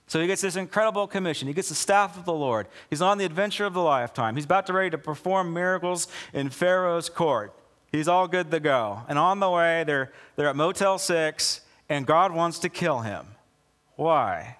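Conversational pastor in a reverberant hall. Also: male voice, a little high, lively intonation, normal speed, a bit bright. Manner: conversational, sarcastic asides. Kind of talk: sermon.

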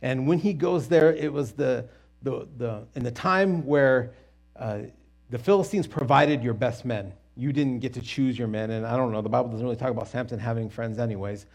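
A man teaching a Bible story in a casual, animated and jokey way, with quick asides and restarts. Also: mid-range voice.

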